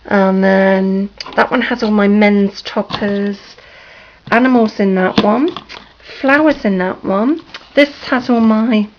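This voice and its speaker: A woman with a hoarse, sore-throated voice gives a slow, hesitant, apologetic tour of her room, with many ums. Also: mid-range voice. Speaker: crafting vlogger. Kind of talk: casual room tour vlog. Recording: dull lo-fi home video with faint noise.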